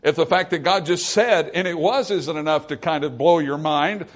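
A man preaching a sermon in a slightly high-pitched voice. He leans hard into emphatic lines, then drops to a hushed near-whisper to let a point land. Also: moderate pace. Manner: preaching with emphatic swings between loud and hushed. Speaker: pastor.

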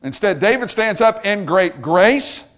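A man preaching a sermon, emphatic and repetitive, swinging from loud stresses to hushed lines. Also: high-pitched, animated, unhurried.

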